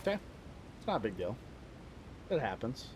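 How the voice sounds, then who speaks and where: A man's voice: mid-range voice, sing-song, normal speed, noisy background. Rambling, foul-mouthed young male streamer. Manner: rambling, self-deprecating, profane. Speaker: game streamer. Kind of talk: casual live-stream chat while gaming.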